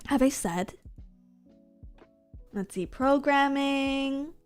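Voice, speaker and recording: A woman's voice: sits high, extremely slow, darkish tone, soft background music. A woman VTuber streamer chatting casually with her viewers, playful and self-mocking, often breaking into giggles. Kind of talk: casual stream chat reading comments.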